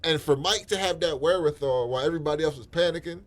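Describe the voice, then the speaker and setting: A man's voice: a little high, racing. A man hosting a casual podcast chat, talking bluntly and profanely and telling stories with animation. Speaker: podcast host.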